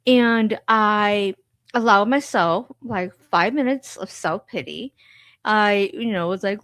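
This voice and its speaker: A woman's voice: medium pitch, unhurried, a bit bright, dry recording, clean studio sound. A woman hosting a podcast, candidly telling her own story in an emotional, frank way full of fillers and repeats.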